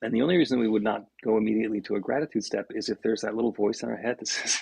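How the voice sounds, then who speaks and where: Gravelly husky man explaining prayer. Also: on the low side, fairly even intonation, a little mellow, no room sound, poor audio. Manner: halting, restarts and repeats words. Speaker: minister and podcast co-host. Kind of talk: casual podcast explanation.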